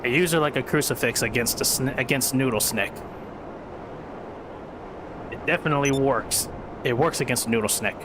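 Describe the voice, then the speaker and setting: A man's voice: medium pitch, moderate pace, pauses often. A man streaming, casually telling a rambling story to his chat. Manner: rambling, restarts, addresses chat. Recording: air-conditioner hum behind.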